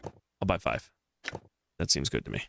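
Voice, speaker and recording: Bright-voiced casual man streaming a game. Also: moderate pace, slight background noise. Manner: casual, thinking aloud with fillers. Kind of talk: let's play commentary, reading game text aloud.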